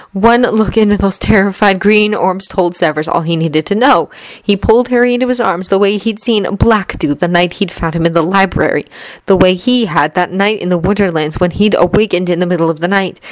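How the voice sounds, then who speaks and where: A woman reading fanfiction aloud as an audiobook, in steady, measured storytelling. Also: on the low side, dry recording, low-quality recording. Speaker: fanfiction reader. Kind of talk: audiobook narration.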